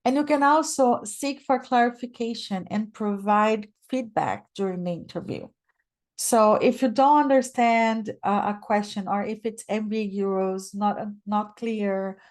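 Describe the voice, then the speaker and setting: A woman's voice: medium pitch, a little mellow. A woman who is not a native English speaker, giving a webinar talk as guest speaker and often checking in with the listener. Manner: explanatory, checks in with "right?". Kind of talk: webinar presentation.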